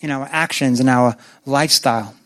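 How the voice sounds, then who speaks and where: A man preaching a sermon to a congregation, asking them questions and acting out scripture with big swings in his voice. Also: moderate pace. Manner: animated, acts out biblical voices with swings in pitch.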